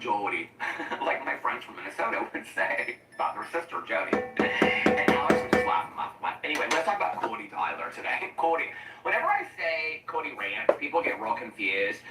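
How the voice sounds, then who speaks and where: A man's voice: mid-range voice, bright, forceful tone. A tired man chatting casually and laughing a lot, wandering from story to story while he cooks in his kitchen. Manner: chatty, laughing often, goes off on tangents. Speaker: commentary YouTuber. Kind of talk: rambling casual vlog chat while cooking. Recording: roomy echo, mic at a distance.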